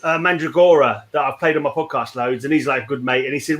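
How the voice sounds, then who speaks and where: A man's voice: on the high side, fast talker, few pauses, a bit bright. A man hosting a casual podcast video call, chatting loosely, rambling and swearing now and then. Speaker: podcast host.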